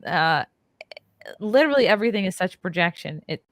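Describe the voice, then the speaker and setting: A woman's voice: fairly low pitch, lively intonation, fairly quick, no echo. Chatty woman podcast host, dry sound. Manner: chatty, laughs between words. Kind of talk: casual interview chat.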